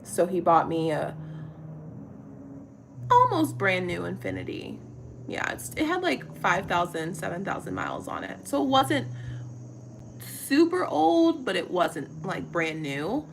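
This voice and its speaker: A woman in her thirties chatting casually on camera, retelling a story in an animated, exasperated way, quoting what people said. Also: fairly low pitch, measured pace, creaky, pauses often, slight background noise. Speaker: vlogger.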